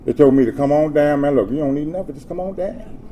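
Talking fast, a man gives his testimony to a recovery meeting audience, starting out animated and jokey before dropping into low, subdued tones for the hard times. Crowd murmur and background noise fill the meeting room.

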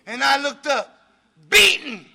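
A man testifies at a recovery meeting in a piercingly bright, high voice with a gravelly edge. He preaches more than he chats, often raising his voice to a shout for emphasis. He laughs between his points. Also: sing-song, slow.

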